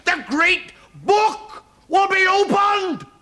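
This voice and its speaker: A thundering fire and brimstone preacher. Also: male voice, exaggerated voice. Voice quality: booming, drawn-out shouting. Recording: noisy old television recording.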